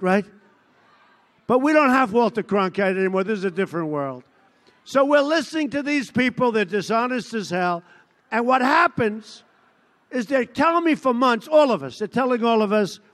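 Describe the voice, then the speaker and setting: A man's voice: very high voice, a bit bright. A man giving a boastful, repetitive rally speech, mocking the people he quotes. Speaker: speaker at a political rally. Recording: long reverb of a large hall.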